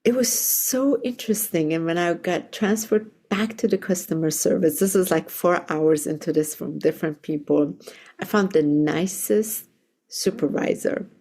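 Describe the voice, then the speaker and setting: A woman reverend hosting a solo podcast episode, telling a personal story in a soft, earnest way and laughing now and then. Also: fairly low pitch, moderate pace, husky. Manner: soft-spoken, earnest, laughs while recounting.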